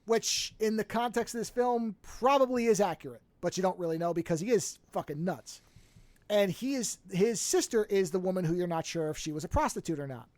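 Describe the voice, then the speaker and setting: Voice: mid-range voice, no echo. Dry-sounding podcast host recapping a film. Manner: rambling, animated retelling with quick asides. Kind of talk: casual film recap chat.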